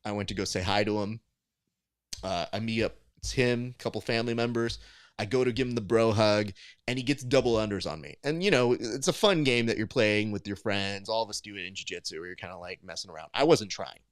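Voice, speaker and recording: A man hosting a jiu-jitsu panel show, telling stories in an animated, self-mocking way. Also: fairly low pitch, fairly quick, no room sound, clean studio sound. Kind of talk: casual panel chat.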